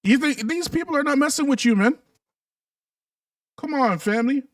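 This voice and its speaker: A man's voice: very high voice, lively intonation, normal speed, dry recording, studio quality, distant mic. A man hosting a casual livestream, talking emphatically and a bit preachily, and calling his viewers "family" and "y'all". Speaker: livestream host.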